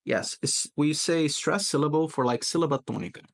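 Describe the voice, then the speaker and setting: This English teacher and podcast host speaks with a gravelly fry at a fairly high pitch. Portuguese is his first language. Chatting casually, he coaches pronunciation, patiently saying words over slowly so listeners can copy them.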